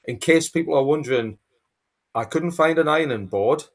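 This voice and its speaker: A man speaking as a guest on a chat show, hesitant and halting, with many fillers. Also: on the high side. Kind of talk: casual chat.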